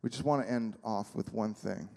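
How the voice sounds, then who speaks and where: A male pastor with a fairly low, warm voice and vocal fry preaches at normal speed in a church sanctuary. He keeps it conversational, full of fillers and acted-out snippets of dialogue, and the hall reverberates.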